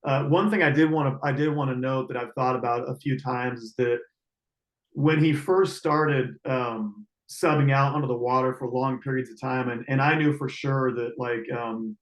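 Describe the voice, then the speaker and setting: A man telling a river rescue story in casual, halting speech full of fillers and restarts, heard over a video call. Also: medium pitch, fairly even intonation, reverberant, rough recording.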